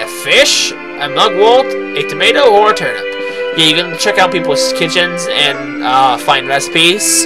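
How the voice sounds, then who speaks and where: Tired rambling let's play guy. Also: fairly high pitch. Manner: rambling, self-deprecating, many restarts. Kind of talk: casual game commentary. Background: loud game music.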